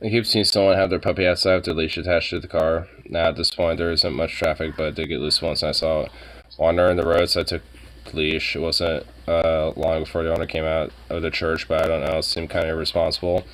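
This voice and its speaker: A man's voice: extremely low pitch, little pitch movement, fast, fairly bright tone. A drunk man streaming, chatting casually in a rambling, profane way. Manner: rambling, profane, laid-back. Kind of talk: casual live-stream chat.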